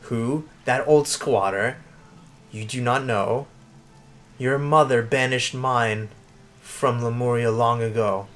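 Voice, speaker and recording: A man's voice: medium pitch, steady tone, fairly bright tone. A man voicing a cold, cruel stepmother queen with a put-on British accent, drawn out and menacing. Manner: haughty, drawn-out menacing delivery.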